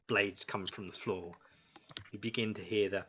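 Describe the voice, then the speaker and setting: A man narrating as game master of an online tabletop game, slow and halting with many ums. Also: lowish voice, steady tone, a bit bright, slight background noise, poor audio.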